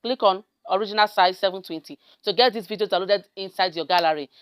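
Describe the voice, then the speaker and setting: A woman's voice: mid-range voice, fast talker, clean tone, no room sound. A woman hosting a step-by-step screen tutorial, often checking in with her viewers. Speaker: tutorial host. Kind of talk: screen-recorded software tutorial.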